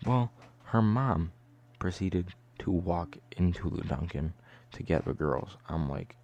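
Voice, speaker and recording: A young man tells a story in a casual vlog style, with a low voice and a mellow, relaxed tone. He talks in a loose, chatty way and fills his sentences with "like". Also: a little slow, highs cut off. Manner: loose, chatty, heavy use of "like". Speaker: vlogger.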